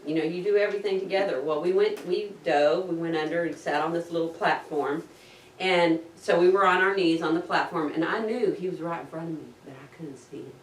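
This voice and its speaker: Woman, low voice, chatty vlog storyteller who acts out her reactions; recorded at a distance in an echoey room. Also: slight background noise. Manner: animated, acts out her own gasps and panic. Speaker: diving vlogger recounting her scuba course. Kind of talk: casual storytelling to camera. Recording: roomy echo, speaker set back from the mic.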